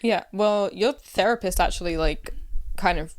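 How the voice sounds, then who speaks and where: A woman's voice: mid-range voice, normal speed, no room sound. A woman co-hosting a podcast, chiming in during casual chat with agreeing remarks. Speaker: podcast co-host.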